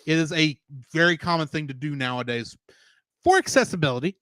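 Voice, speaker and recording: A man co-hosting a podcast in casual chat, ranting in quick animated bursts. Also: a little high, no room sound. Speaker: podcast co-host.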